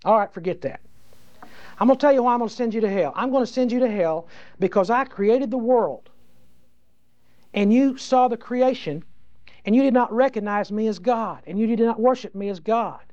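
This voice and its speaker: A preacher voicing a stern, blunt judging God. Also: male voice, high-pitched, normal speed, darkish tone, close to an everyday voice. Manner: blunt, pronouncing judgment. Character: stern, judging God figure in a sermon parable. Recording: dull lo-fi dry recording.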